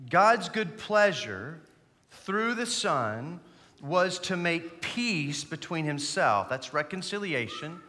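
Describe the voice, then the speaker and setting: A man's voice: a little high, big pitch swings, slow, sharp tone. A man, an associate pastor, preaching a sermon with earnest emphasis and inviting the congregation to recite along. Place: church sanctuary. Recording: long reverb of a church hall.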